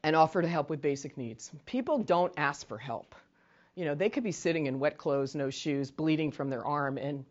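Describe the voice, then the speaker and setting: A woman with a lower voice runs a training workshop in a chatty, conversational way. She keeps checking in with "right?" and acts out short sample lines. The recording is dull and lo-fi. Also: very animated, normal speed, a little mellow. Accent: New England. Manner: conversational, often asks "right?". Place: training room.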